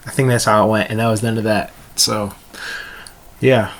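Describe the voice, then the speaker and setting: A man's voice: on the low side, steady tone, normal speed. Rambling young man reviewing a chapter. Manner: rambling, stumbles over words and restarts often.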